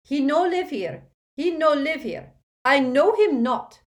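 A woman's voice: high-pitched, expressive, takes it slowly, pitched above the performer's own voice. A woman voicing a frightened foreign woman with a German accent, speaking broken English in panicked pleas. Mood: terrified.

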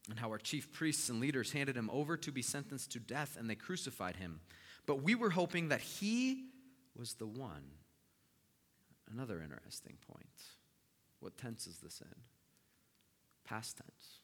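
A male pastor preaches with a bright, forceful voice. He retells the story with animated swings between soft, slow lines and loud, emphatic ones. A long hall reverb trails after every phrase. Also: medium pitch. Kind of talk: sermon.

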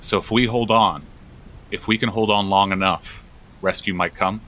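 A man voicing a large pawed male guard commander who speaks calmly and gravely. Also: fairly low pitch, moderate pace, natural voice, low-quality recording. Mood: hopeful.

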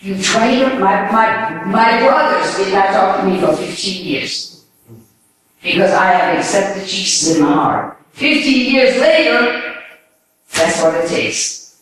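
An older woman preaching her testimony in an animated way, often firing questions at the audience. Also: medium pitch, slow, long pauses, slight background noise. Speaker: speaker giving her testimony. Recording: echoey hall, voice from far off.

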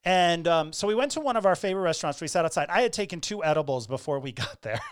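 Animated, laughing woman host. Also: lowish voice, quick pace, smooth, no room sound, clean studio sound. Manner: animated, laughing, swearing freely. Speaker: podcast host. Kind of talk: casual chat.

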